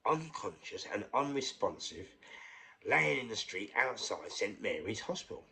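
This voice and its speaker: A middle-aged man with a London accent, telling his own story casually, repeating phrases and swinging between hushed and loud. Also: fairly low pitch, lively intonation, a little slow, vocal fry. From England.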